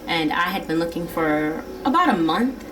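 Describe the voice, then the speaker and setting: A woman with a slightly low voice chats casually and jokes around, acting out quotes in livelier tones. Faint background noise sits under her voice. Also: lively intonation, normal speed. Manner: chatty and joking, acts out quotes. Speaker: guest. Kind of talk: casual chat.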